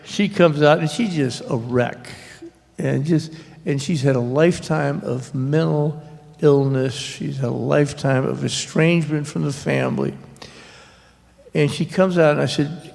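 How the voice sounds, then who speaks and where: A man guest author telling a family story at a live library talk into a handheld mic, in a rambling, self-deprecating way with halting restarts. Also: fairly high pitch, creaky, darkish tone. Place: public library event hall. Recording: echoey hall.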